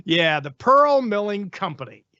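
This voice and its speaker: A man's voice: high-pitched, sing-song, unhurried, bright, forceful tone, no echo, muffled recording. A male talk show host giving opinionated, sarcastic news commentary in a ranting manner.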